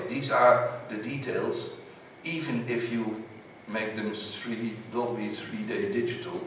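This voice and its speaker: A man whose first language is Dutch presents at a conference in English, driving home short, slogan-like points. He sits at an ordinary pitch and is heard from a distance in a very echoey hall, with faint room ambience. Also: a little hiss or hum. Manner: emphatic, slogan-like summing up. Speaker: conference speaker. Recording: echoey hall, speaker far from mic.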